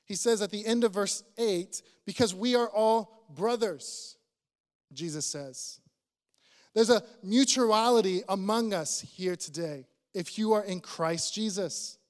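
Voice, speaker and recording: A high-pitched man preaches to his congregation in a church. He is earnest and probing, turning questions straight at his listeners. His unhurried sermon rings out with a long reverb from the church hall. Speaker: pastor.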